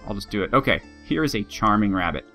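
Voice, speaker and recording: A man with a fairly low voice gives casual let's-play commentary on a strategy game. He rambles in a friendly, chatty way and chuckles at his own jokes. Soft guitar music plays faintly behind him. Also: big pitch swings, quick pace. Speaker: game video host.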